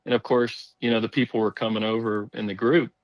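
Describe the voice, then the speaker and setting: A man's voice: on the low side, a little fast, no echo, rough recording. Man rambling through a story, dry sound. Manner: rambling, animated, acts out quoted voices. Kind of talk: casual storytelling.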